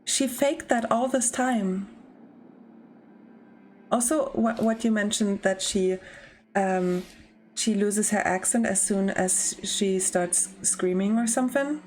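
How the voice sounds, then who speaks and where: A woman's voice: mid-range voice, slow, a little mellow. A young woman streamer chatting casually and giggling while she plays a game and answers chat. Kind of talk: casual let's-play commentary.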